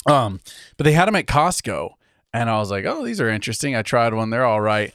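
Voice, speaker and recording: A man's voice: mid-range voice, expressive, normal speed, a bit bright, smooth, no echo, studio quality. A man in his thirties co-hosting a podcast in casual chat, rambling with frequent laughs and trailing off mid-sentence. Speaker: podcast co-host.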